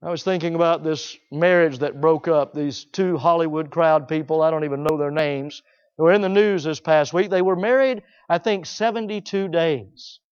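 A man preaching a sermon, emphatic, repeating key phrases and swinging between loud declarations and hushed asides. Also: on the high side, moderate pace, clean tone. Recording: dull lo-fi recording.

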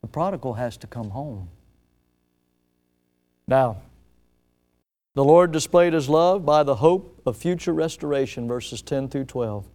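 A man preaching a sermon at an evening church service. He tells a story dramatically, swelling loud and then dropping soft, and slows down to stress key words. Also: medium pitch, lively intonation. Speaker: pastor.

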